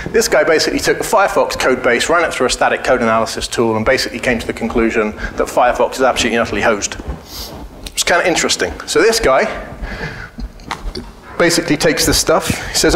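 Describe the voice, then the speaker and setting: A man's voice: mid-range voice, lively intonation, fast, fairly bright tone, a little hiss or hum. A man giving a casual conference talk, blunt and joking, telling anecdotes and swearing freely. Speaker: conference speaker. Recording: echoey hall.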